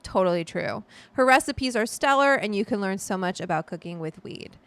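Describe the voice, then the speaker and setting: A woman's voice: mid-range voice, expressive, moderate pace, fairly bright tone, clear, resonant tone. A middle-aged woman hosting a casual livestream from home, chatting and reading viewer comments in a rambling, loose way with casual swearing. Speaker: livestream host, cannabis cook. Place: home room. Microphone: studio mic at desk.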